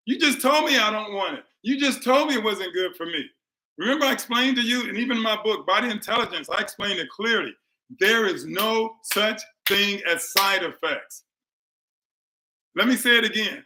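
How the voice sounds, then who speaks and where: A man's voice: high-pitched, lively intonation, moderate pace, sharp tone, poor audio. A man hosting a live health talk to his audience, emphatic and preachy, repeating his points and laughing between them. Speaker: health speaker and show host.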